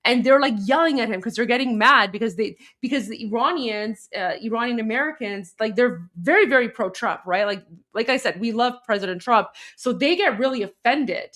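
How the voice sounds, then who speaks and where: A woman hosting a live stream, commenting excitedly and rambling with lots of fillers and restarts. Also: fairly high pitch, a little fast, few pauses. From Iran. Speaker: host.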